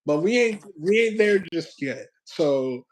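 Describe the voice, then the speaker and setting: A young man hosting his own stream, chatting casually with a friend in a rambling, reflective way that often trails off into quieter asides. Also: a little high, expressive, a little slow, slight background noise. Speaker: channel host.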